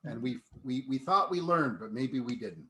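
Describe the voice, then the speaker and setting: A man from Canada hosting a panel over a video call, talking in a relaxed, conversational way with fillers. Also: medium pitch, moderate pace. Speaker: host. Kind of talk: casual panel talk.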